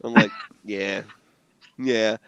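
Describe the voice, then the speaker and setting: A middle-aged man hosting a podcast, telling stories in casual, profane, animated chat. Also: lowish voice, extremely slow, highs cut off, a little hiss or hum. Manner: animated storytelling with profanity and laughter. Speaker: podcast host.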